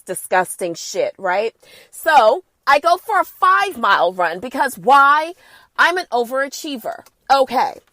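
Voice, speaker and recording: A woman hosting a casual podcast, sassy and animated, talking while she has a cold. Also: mid-range voice, dry recording. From the Bronx. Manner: sassy, animated, playful asides. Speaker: podcast host. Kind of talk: casual chat.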